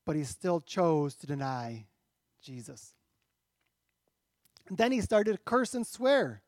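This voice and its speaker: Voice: medium pitch, big pitch swings, slow pace, no echo, clean studio sound. A pastor preaching a sermon in a church, talking conversationally and asking rhetorical questions.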